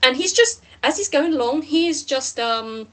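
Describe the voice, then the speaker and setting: A woman's voice: sits high, lively intonation, normal speed, sharp tone. A woman running a tabletop game as game master, narrating in a rambling way with many fillers.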